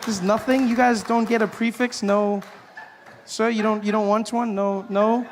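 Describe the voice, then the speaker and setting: A man performing a stand-up comedy set in a live venue, playful and acting out characters with sudden shouted outbursts. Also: high-pitched, flat delivery, moderate pace, background noise. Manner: playful, acts out characters with loud shouted bits.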